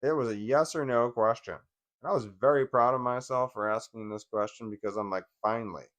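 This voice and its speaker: Man, mid-pitched, agitated and profane, rambling confessional vlog. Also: fairly quick, a bit bright. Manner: profane, rambling, with frequent restarts and laughs; agitated, venting. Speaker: vlogger. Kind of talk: casual personal monologue.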